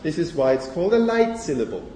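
A man giving a university lecture on phonology in a lecture hall, speaking haltingly with many fillers and self-corrections. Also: fairly high pitch, big pitch swings, dark tone, slight background noise. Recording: echoey lecture hall from far off.

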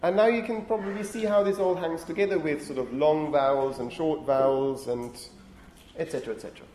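A male lecturer giving a university lecture, talking in a lively way, often correcting himself and checking in with "okay?". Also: on the high side, brisk, a little hiss or hum. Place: lecture hall. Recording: roomy lecture hall echo.

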